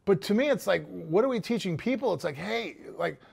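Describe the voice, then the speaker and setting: A man's voice: high-pitched, expressive, fairly quick, gravelly, slightly rough. A man in a casual talk-show conversation, talking heatedly and emphatically with plenty of profanity. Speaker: podcast guest. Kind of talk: casual chat.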